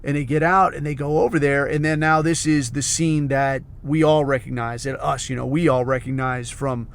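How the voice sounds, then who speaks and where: A man's voice: medium pitch, fairly even intonation, moderate pace, gravelly, a little hiss or hum. A man hosting a podcast, talking through a film review in a loose, rambling way, heavy on swearing and "like" and "dude.". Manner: rambling, heavily profane storytelling; loose, filler-heavy, says "like" and "dude" a lot. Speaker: podcast host. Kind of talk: casual monologue film review.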